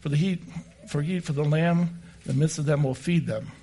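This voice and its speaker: High-voiced man preaching a sermon. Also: steady tone, fairly quick, mellow, husky. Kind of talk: sermon with scripture reading.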